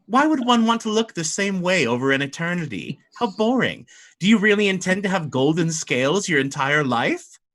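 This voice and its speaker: A man's voice: high voice, sing-song, moderate pace, fairly bright tone, pitched above the performer's own voice. A man voicing a haughty, teasing female mermaid fey who calls her betrothed a dullard. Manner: mocking, coquettish.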